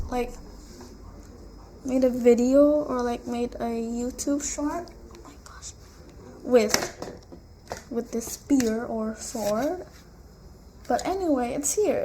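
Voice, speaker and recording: A woman's voice: sits high, warm tone, slight background noise. A woman vlogger casually retelling a novel at home, chatty and rambling, with many asides. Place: room at home with a blue wall.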